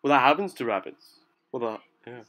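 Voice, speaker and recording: A man chatting casually, telling a relaxed, anecdotal story. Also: mid-range voice, a little fast. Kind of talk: casual chat.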